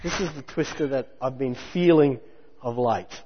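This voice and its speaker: Preacher in a reverberant hall. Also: male voice, mid-range voice, moderate pace, husky. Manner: animated, conversational, jokey preaching with acted-out asides. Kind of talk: sermon. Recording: muffled hall recording with long reverb.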